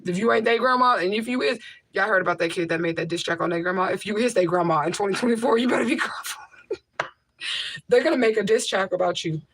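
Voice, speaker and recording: Using a mic rigged with a homemade tissue filter, a woman hosts a laid-back livestream and replies to viewer comments bluntly, repeating herself for emphasis. She talks fast at a medium pitch with a slightly bright tone, and the recording is dry.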